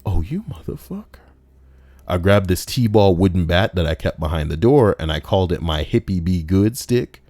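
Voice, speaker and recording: In a clean, dry studio recording, a man with a low-pitched, slightly mellow voice reads stories at a moderate pace with few pauses. Between read sections he launches brash, profane rants mocking the writer and the listener.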